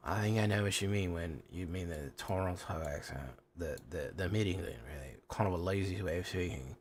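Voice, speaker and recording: A man's voice: low voice, brisk, few pauses. A man streaming a card game, chatting casually with his viewers and rambling as he plays. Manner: rambling, talkative, answering chat questions.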